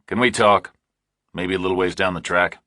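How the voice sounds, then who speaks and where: A man voicing a blunt, steady lone hero who talks in short, firm sentences in an audiobook thriller. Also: sits low, moderate pace, no echo, studio quality.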